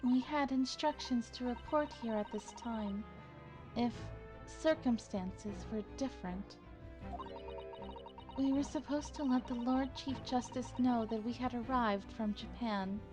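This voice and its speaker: A woman voicing a polite, earnest young female assistant in a measured voice. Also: on the high side, over music, voice pushed up, close to an everyday voice.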